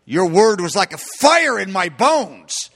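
A man's voice: high-pitched, sing-song, slow, fairly bright tone, long reverb tail, heavily acted. A man voicing a young male prophet who pleads and cries out to God in anguish. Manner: pleading, crying out.

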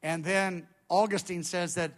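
A man telling a dramatic testimony as a preacher, animated, with his volume rising and dropping and many restarts. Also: high-pitched, unhurried.

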